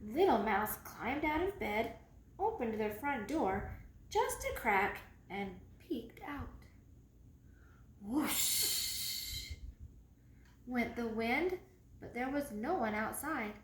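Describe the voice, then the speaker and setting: A woman reads a children's picture book aloud at a slow, deliberate pace. Her high voice swings widely in pitch to build suspense, with an echoey room and faint noise in the background. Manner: expressive, slow, dramatic read-aloud. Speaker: storyteller. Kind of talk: children's storybook reading.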